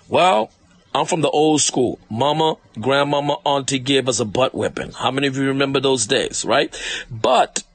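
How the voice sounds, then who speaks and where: A man's voice: medium pitch, creaky, husky. A man preaching an online sermon, repeating lines emphatically and addressing listeners directly.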